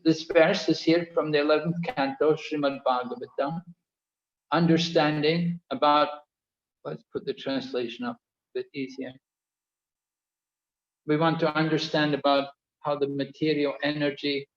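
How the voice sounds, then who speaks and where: A man with a slightly high voice gives an earnest, explanatory lecture, pausing to repeat key phrases for his students. The sound is roomy and echoey, with a dull, muffled tone like an online call. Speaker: teacher. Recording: echoey, dull-toned video call audio.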